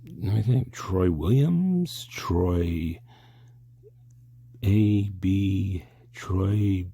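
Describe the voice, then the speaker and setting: A man riffing through a comic monologue, rambling and cutting himself off mid-thought. His voice is low and husky, with a dark, mellow tone, and his pitch swings widely as he talks. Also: expressive, extremely slow. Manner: rambling, self-interrupting, stammering.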